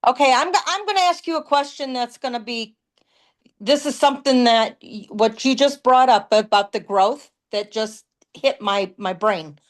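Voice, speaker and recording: A woman hosting a podcast, asking a question in a halting way and searching for words. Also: fairly high pitch. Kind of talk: interview questions.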